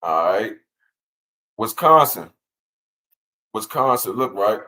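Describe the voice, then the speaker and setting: A livestream host with a lowish, pushed, bright voice sounds very animated yet speaks at a slow pace, captured on a low-quality recording. He reads legal text aloud and handles viewer chat casually, repeating words often.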